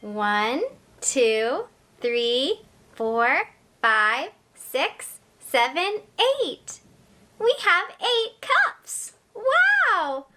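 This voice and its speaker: A woman's voice: sits high, big pitch swings, extremely slow, pushed and bright, a little hiss or hum. A woman hosting a toddler learning show. She talks in a playful, exaggerated way, makes animal sounds, and speaks straight to the little viewer with lots of encouragement. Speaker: children's educator host. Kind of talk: slow sing-song toddler teaching.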